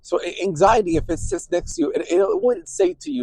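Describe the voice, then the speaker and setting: This therapist hosts a podcast and explains ideas conversationally, frequently checking in with "right?" His fairly high, sing-song voice has vocal fry and moves at a moderate pace with few pauses, recorded dry. When he talks about intuition, he becomes quieter and softer.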